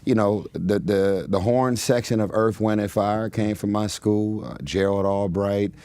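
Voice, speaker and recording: A man's voice: on the low side, fairly even intonation, a little slow, darkish tone, no room sound, clean studio sound. A man in his forties from Los Angeles, a guest telling a long story in a casual interview, with many fillers, restarts and frequent laughs. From Los Angeles, United States. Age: 40s.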